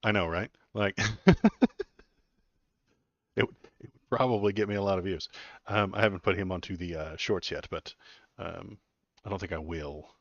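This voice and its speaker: Low-voiced man hosting a casual live stream. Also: fairly even intonation, normal speed, dry recording. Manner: rambling, self-deprecating, many fillers and restarts. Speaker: political live-stream host. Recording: dry, slightly dull lo-fi audio.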